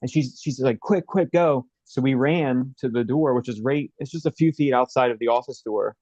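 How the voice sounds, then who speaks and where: Halting man telling a story, muffled dry sound. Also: medium pitch, warm tone, no echo. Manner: halting, rambling, many fillers and restarts. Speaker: interview guest. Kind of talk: personal storytelling in an interview.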